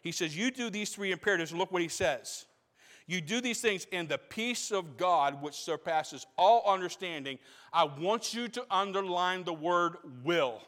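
A man's voice: high-pitched, lively intonation, normal speed, a bit bright. A man preaching a sermon as pastor, repeating phrases for emphasis and building in intensity. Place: church sanctuary. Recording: long hall reverb.

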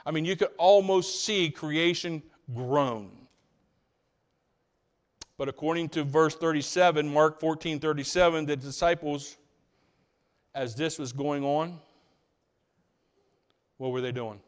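A man's voice: unhurried, long pauses. Male preacher with dramatic swings. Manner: dramatic, swings between loud emphasis and hushed low passages; asks the congregation rhetorical questions. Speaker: pastor. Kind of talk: sermon.

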